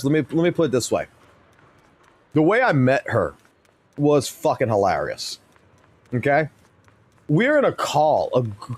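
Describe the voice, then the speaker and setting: A man in his thirties telling a story on a live stream, blunt and heated, swearing constantly. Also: medium pitch.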